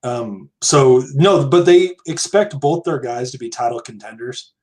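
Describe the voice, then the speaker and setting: A man's voice: mid-range voice, lively intonation, unhurried, a little mellow. An American man co-hosting a podcast, talking casually and drifting into side topics. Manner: chatty, digressive, hedging. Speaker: podcast co-host. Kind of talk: casual chat.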